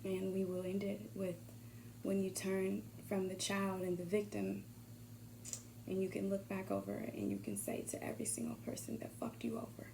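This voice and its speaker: A woman giving a casual motivational monologue, swearing freely and swinging from hushed whispers to loud bursts. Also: mid-range voice, normal speed, creaky, background noise. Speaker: motivational vlogger.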